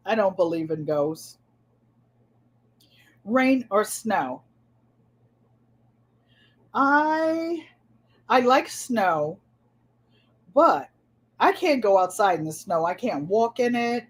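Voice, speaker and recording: A woman's voice: mid-range voice, expressive, takes it slowly, long pauses, slightly rough. An older woman with a New England accent, chatting casually through tag questions and telling stories with easy laughs and repeated words. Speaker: vlogger.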